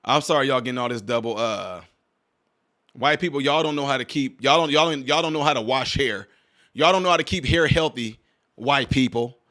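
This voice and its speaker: A man's voice: mid-range voice, brisk, pushed and bright. A man hosting a reaction video who talks straight to his viewers and fires off mocking rhetorical questions in exasperation. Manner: addresses viewers directly as y'all. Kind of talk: reaction commentary.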